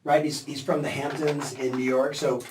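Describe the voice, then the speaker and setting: A man's voice: medium pitch, level tone, moderate pace, background noise. A man hosting a podcast as a business coach, joking and upbeat. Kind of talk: casual interview hosting. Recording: echoey room, distant mic.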